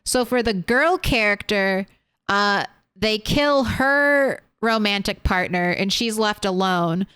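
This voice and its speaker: A woman's voice: mid-range voice, takes it slowly, a bit bright, smooth, dry recording, studio quality. A young woman streaming a game, chatting casually as she plays, rambling between topics and swearing freely. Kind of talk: casual gameplay chat.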